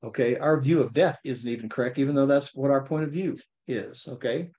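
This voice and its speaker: Male Bible teacher, conversational and lively, mid-range voice, keeps checking in with listeners. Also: medium pitch, a little fast, highs cut off. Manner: conversational, checks in with frequent "okay?". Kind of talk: informal Bible study teaching.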